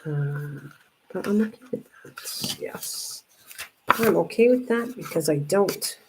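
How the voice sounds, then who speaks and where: An older woman with a lowish voice hosts a live crafting stream. She greets viewers by name in friendly bursts, then drops into quiet muttering to herself as she works. A faint hum of noise sits behind her. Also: expressive, takes it slowly. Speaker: craft livestream host.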